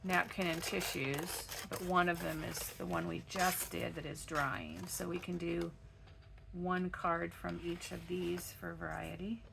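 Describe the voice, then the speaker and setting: A woman with a froggy, gravelly voice, chatting step by step through a crafting tutorial at her home craft desk. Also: fairly low pitch, level tone, unhurried, background noise. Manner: chatty step-by-step explaining while working. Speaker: craft channel host.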